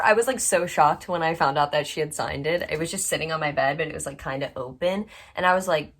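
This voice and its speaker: A woman's voice: lowish voice, fast, hardly any pauses, fairly bright tone. A young woman, chatting casually and gushing on her book vlog, full of "like" and "um". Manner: bubbly, gushing, lots of "like" and "um". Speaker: book channel host.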